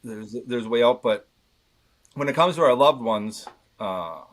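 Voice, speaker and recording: A man's voice: mid-range voice, expressive, a little slow. A man in his thirties, a podcast guest, speaking candidly and earnestly, often restarting his sentences. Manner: earnest, rambling with many restarts. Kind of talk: candid conversation.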